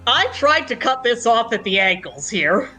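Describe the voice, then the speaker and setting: Bright-voiced, chatty tabletop player. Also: mid-range voice, big pitch swings, moderate pace, faint music behind. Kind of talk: tabletop game banter.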